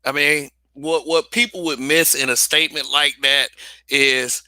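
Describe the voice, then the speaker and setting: A young man hosts his own livestream, offering casual commentary straight to the camera in a blunt, profane, unpolished way, often restarting and repeating phrases. His voice is a little high, strikingly bright and cutting, with a clean, steady tone and a slightly slow pace. The sound is dry and close, with no room echo.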